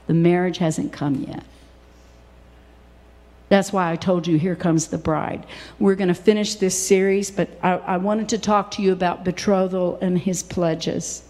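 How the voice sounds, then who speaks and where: A woman's voice: fairly low pitch, steady tone, measured pace, a little mellow. Impassioned woman preacher in an echoing hall. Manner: impassioned, dramatic, acts out quoted voices. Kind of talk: sermon. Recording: long reverberant hall.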